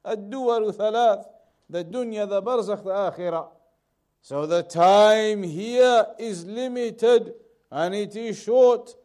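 A man teaching a lesson on Quran commentary, repeating key points and reading Arabic quickly before translating it slowly. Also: high voice, darkish tone. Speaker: Islamic teacher.

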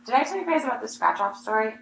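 A woman hosting a casual podcast chat, telling a story with lively acted-out quotes. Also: fairly high pitch, rapid-fire, vocal fry. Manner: animated storyteller acting out her own excitement. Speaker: podcast host. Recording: echoey room with faint hum.

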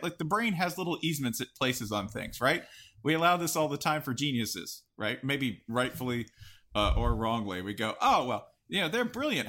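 A man's voice: mid-range voice, pushed and bright. A man co-hosting a comedy sports podcast, rambling through jokes in casual chat. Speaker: podcast co-host.

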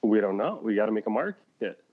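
A man's voice: on the low side, big pitch swings, a little fast, phone-quality sound, a little hiss or hum. A man co-hosting a casual podcast, rambling with restarts and laughing often. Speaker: podcast co-host. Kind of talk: casual chat.

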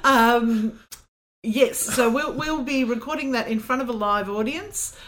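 A woman's voice: on the high side, a little slow, a bit bright, slight background noise. A woman co-hosting a podcast, talking casually and enthusiastically about TV shows. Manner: chatty and enthusiastic, swears casually. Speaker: podcast co-host. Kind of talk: casual chat.

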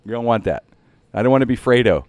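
A man, a radio host and impressionist, telling a story casually and animatedly, jumping way up in pitch on punchlines. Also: lively intonation, fast talker, darkish tone, no room sound.

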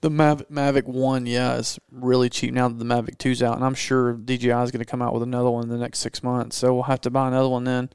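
A young man with an easy Southern drawl chats casually as co-host of a live stream. His voice has a gravelly texture and sits at a middle pitch. The sound is close and dry. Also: completely flat delivery, fast talker, hardly any pauses, darkish tone, no room sound. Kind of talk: casual chat.

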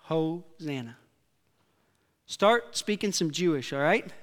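A man preaches slowly in a smooth, resonant voice pitched a little high. He acts out quotes and raises his voice at the peaks. The sound trails off with a long reverb, as in a church hall. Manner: animated storytelling, acting out quotes, shouting at peaks. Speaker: pastor. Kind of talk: sermon.

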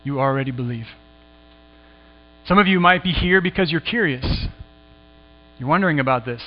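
Pastor retelling scripture in a reverberant hall. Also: male voice, fairly high pitch, normal speed. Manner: dramatic retelling, dropping to hushed tones, rising with excitement. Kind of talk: sermon, storytelling a scripture passage. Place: church sanctuary. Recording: muffled hall recording with mains hum.

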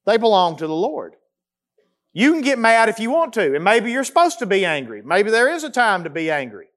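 A man, preaching a sermon as pastor, swinging between loud emphasis and quiet, slow repetition. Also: high voice, big pitch swings.

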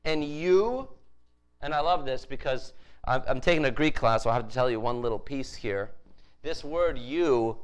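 A man's voice: mid-range voice, moderate pace, smooth, low-quality recording. A man preaching a sermon in a conversational way, with frequent restarts and emphatic rises. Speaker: pastor.

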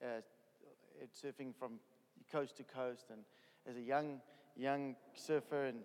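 A man in his fifties from South Africa, telling his testimony as a preacher in a storytelling sermon that rises to loud excited bursts. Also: medium pitch. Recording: long hall reverb.

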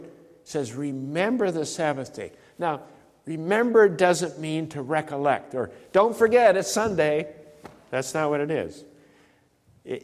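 A pastor preaching a sermon, emphatic and repeating key phrases for stress. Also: male voice, a little high, darkish tone, long reverb tail. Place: church sanctuary.

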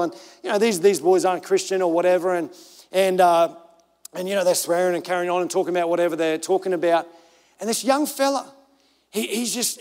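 An Australian pastor preaching a sermon with a high, lifted voice. He tells stories in an animated way and acts out the voices of others. His words ring out with a long reverb through a church hall.

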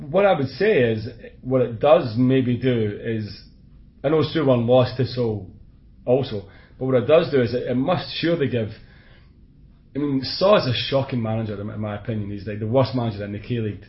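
A Scottish man co-hosting a casual football podcast, chatty and quick to laugh, with blunt opinions. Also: medium pitch. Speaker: podcast co-host. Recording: dull lo-fi podcast audio.

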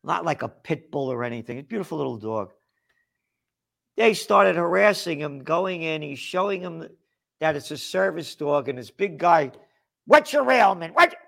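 A man's voice: on the high side, animated, moderate pace, gravelly, fairly bright tone. A man hosting a political talk show, rambling and indignant, with many restarts and fillers. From United States. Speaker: host.

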